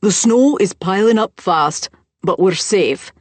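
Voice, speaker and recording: A woman doing a firm, commanding baritone man. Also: animated, slow pace, no echo. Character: calm authoritative man, deep baritone.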